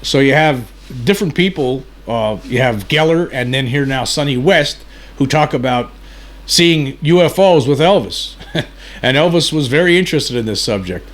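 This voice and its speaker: A man's voice: mid-range voice, expressive, moderate pace. A man hosting his channel, giving casual, rambling commentary that drifts between side points. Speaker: channel host.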